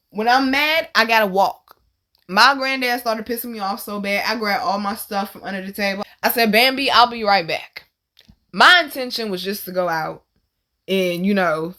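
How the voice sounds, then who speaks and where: Animated, bright-voiced woman storyteller. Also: medium pitch. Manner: animated, profane, swings to loud exclaims. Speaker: host. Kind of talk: casual storytelling monologue.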